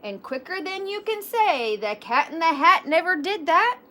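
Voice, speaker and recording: A woman voicing an excitable young male Siamese kitten who believes he is a chihuahua, bouncy and sing-song with playful mock Spanish flourishes. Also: extremely high pitch, moderate pace, voice pushed up, heavily acted. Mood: boastful.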